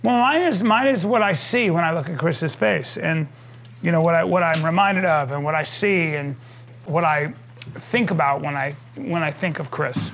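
A man's voice: a little high, normal speed, a bit bright, a little hiss or hum. A man in his fifties bantering and teasing while painting, slipping into mock stand-up bits. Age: 50s. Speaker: comedian co-host.

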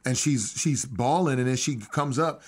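A man's voice: mid-range voice, moderate pace, husky. A man speaking as a podcast guest in a casual interview, telling a story in an earnest, heartfelt way with frequent restarts and familiar slang. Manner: slangy and familiar, calling the hosts bro.

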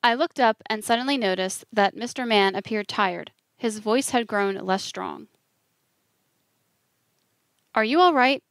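A woman reading an audiobook in the first person, measured and earnest, with a voice of middling pitch. The recording is dry and close, with no room sound. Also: creaky, no echo. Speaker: audiobook narrator. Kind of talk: scripted first-person narration.

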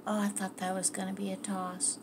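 A woman's voice: medium pitch, monotone, fairly quick, background noise. A woman talking fondly to her pets, coaxing and praising them in casual chat. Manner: coaxing, fond pet-talk. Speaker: pet owner filming her animals.

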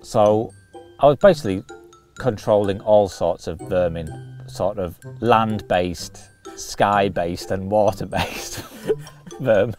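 A man's voice: lowish voice, slow, faint music behind. A man telling a long funny fishing anecdote, laughing often and acting out the other voices. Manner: animated storyteller, laughs often, acts out voices. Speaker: carp fishing show regular. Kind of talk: storytelling anecdote.

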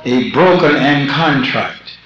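Slow-preaching older bishop on old tape. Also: male voice, medium pitch, animated, slight background noise. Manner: slow, rhythmic preaching with repeated phrases and bursts of shouting. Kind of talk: sermon. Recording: lo-fi old tape in an echoey church.

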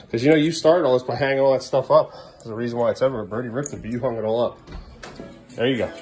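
A man's voice: mid-range voice, quick pace, darkish tone, soft background music. A man, a father, talking casually to his kids at home in a vlog and scolding them firmly and repetitively. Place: family home, indoors.

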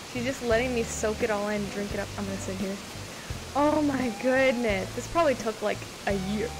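Her voice fairly high-pitched, a young woman makes casual reaction commentary while exploring a video game island for her vlog. She gushes and repeats words as she reacts, the audio is poor, and game music runs in the background.

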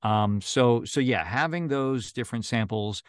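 A man's voice: medium pitch, measured pace, clear, resonant tone, no echo, clean studio sound. A man who narrates audiobooks, chatting casually as a video call guest, with lots of fillers and restarts. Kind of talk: casual interview chat.

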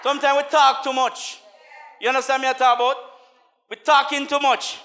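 A man preaching with a very high, piercing voice. He drops to soft asides, then rises into chanted, call-and-response shouts. His sharp, bright tone cuts through every line. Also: little pitch movement, fairly quick. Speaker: minister. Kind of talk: sermon.

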